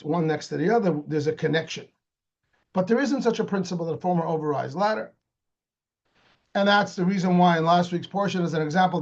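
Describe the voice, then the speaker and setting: Animated rabbi, man, high-pitched voice. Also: dull audio. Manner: animated, asks rhetorical questions, repeats words when restarting. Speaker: rabbi teaching Torah. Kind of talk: explanatory lecture.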